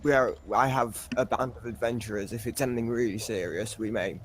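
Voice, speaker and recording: A man voicing a male dwarf brawler, speaking earnestly to calm a frightened guard. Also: medium pitch, a little fast, a little hiss or hum, lightly acted. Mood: reassuring.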